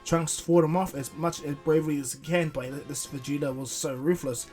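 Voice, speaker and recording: A man's voice: a little high, fairly even intonation, moderate pace, a little mellow, faint music behind. A man casually retelling a fan-made story, rambling with many restarts.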